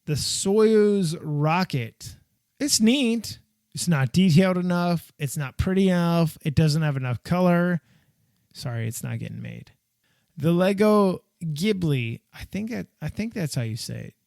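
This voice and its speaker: Blunt, gravelly-voiced male podcast host. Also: high voice, animated, unhurried, darkish tone, no room sound, studio quality. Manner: blunt, dismissive, sarcastic asides. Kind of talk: casual opinionated commentary.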